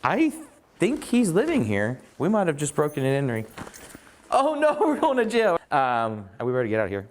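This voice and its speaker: A man narrates a casual walk-through of his rental units. His voice sits on the high side and jumps around in pitch. He tells things like an animated story and laughs often. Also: normal speed, a little hiss or hum. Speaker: real estate investor touring his property.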